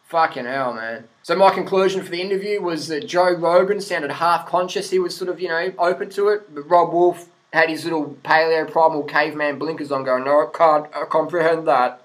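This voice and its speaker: Aussie guy ranting at the camera, swears a lot, slightly high voice, chuckles at himself. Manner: blunt, sweary, laughs at own points. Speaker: vlogger. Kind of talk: profane opinion rant to camera.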